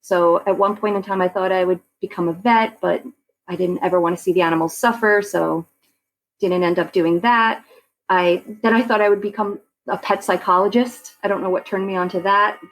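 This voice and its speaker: A woman's voice: mid-range voice, fairly even intonation, moderate pace, rough recording. A woman in her forties from Long Island, guest on a podcast, chatting casually and laughing often. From Long Island, New York. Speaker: real estate agent, podcast guest. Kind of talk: casual interview chat.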